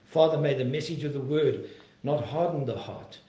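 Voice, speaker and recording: A man pastor preaching a sermon and praying, earnest and emphatic, slowing down to plead. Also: mid-range voice, dark tone, roomy sound, highs cut off. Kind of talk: sermon and closing prayer.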